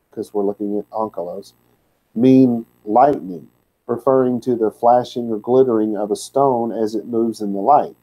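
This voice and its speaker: A man's voice: fairly low pitch, dark tone, rough recording. A man teaching a word-by-word scripture lesson, plainspoken, with candid asides. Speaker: Bible teacher.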